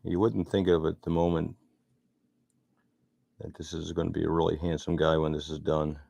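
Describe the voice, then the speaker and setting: A man's voice: very deep voice, little pitch movement, normal speed, creaky, warm tone, no echo. A middle-aged man chatting casually and rambling as he narrates his sculpting work. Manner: rambling, chatty, self-deprecating. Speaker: sculptor vlogger.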